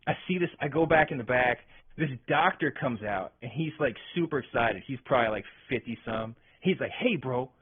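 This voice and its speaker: Husky man telling a rambling story. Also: medium pitch, lively intonation, a little fast. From Arkansas. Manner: profane, rambling, lots of restarts and fillers. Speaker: podcast guest, metal vocalist. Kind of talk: casual storytelling chat. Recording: tinny phone-like podcast audio.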